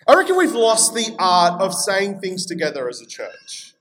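A man with an Australian accent preaching a sermon in a chatty, energetic way, reading scripture aloud. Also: sits high, moderate pace, hardly any pauses, poor audio. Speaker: pastor.

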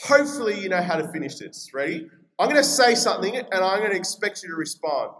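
A man with an Australian accent preaching a sermon in a chatty, energetic way, reading scripture aloud. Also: sits high, fast talker, low-quality recording. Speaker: pastor.

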